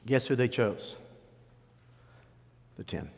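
A man's voice: lowish voice, a little slow. A male pastor preaching a sermon and storytelling with animation, speaking directly to the congregation. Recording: long hall reverb.

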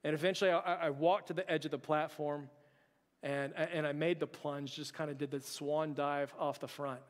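Telling personal stories from the pulpit at a moderate pace, this pastor is lively and funny, lowering his voice almost to a whisper whenever he voices his inner thoughts. He has a fairly high male voice, and the church sanctuary gives it a long, lingering echo.

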